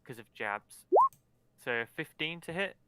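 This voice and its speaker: A man's voice: on the high side, animated, a little slow, heavy background noise. A man playing a tabletop game, chatty and hesitant as he describes his character's moves. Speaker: player. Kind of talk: casual tabletop play.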